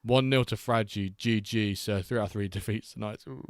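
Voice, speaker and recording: A man's voice: fairly low pitch, fairly even intonation, normal speed, dry recording, clean studio sound. A man hosting a live watchalong stream, reading chat aloud and bantering with a jokey, laughing manner.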